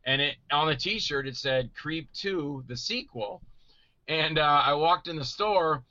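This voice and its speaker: A middle-aged man telling stories in casual chat, animated and acting out voices he quotes. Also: fairly high pitch, unhurried, no room sound, dull audio. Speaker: guest actor telling stories.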